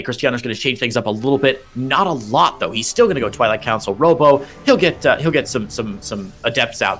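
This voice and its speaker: A man's voice: medium pitch, sharp tone. Chatty male esports play-by-play caster. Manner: chatty, playful, hesitant restarts. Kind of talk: play-by-play commentary.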